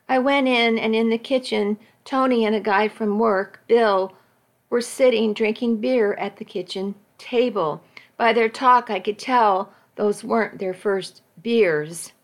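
A woman narrating a first-person story in a steady, reflective reading voice. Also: a little high.

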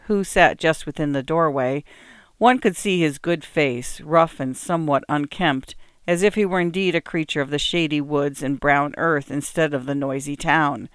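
Smooth-voiced woman reading a story. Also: low voice, dry recording, studio quality. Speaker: volunteer reader. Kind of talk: scripted narration of a short story.

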